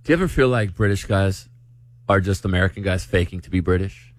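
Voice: deep voice, a little fast, no echo. A radio co-host from Mexico joining casual studio banter with playful reactions.

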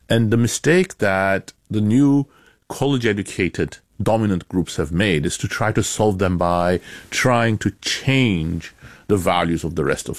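A man, an author and academic, answering interview questions in a measured, explanatory way with bursts of emphasis. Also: deep voice, a little mellow, dry recording, clean studio sound.

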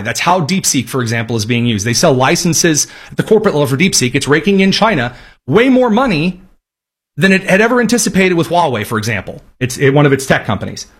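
A man's voice: a little high, slightly rough. A man delivering sarcastic, emphatic political commentary in a ranting style. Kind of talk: opinionated commentary.

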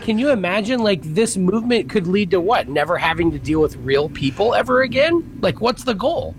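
A man co-hosting a talk show, chiming in with quick quips. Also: high voice, very animated.

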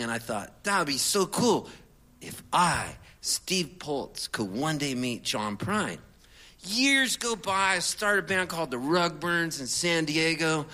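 Bright-voiced man telling a funny story. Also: a little high. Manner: animated, chatty, laid-back surfer slang. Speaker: singer-songwriter. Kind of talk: comic storytelling.

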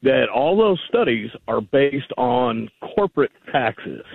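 Gravelly male caller on a phone line. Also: mid-range voice, sing-song, slow pace, dry recording. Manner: argumentative, rambling, many fillers. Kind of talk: call-in radio conversation.

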